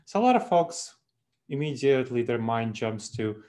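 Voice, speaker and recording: A man's voice: mid-range voice, big pitch swings, moderate pace, a little mellow. A man with a Moldovan accent, from Moldova, giving an earnest explanatory webinar talk over a video call and restarting his sentences often. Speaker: speaker.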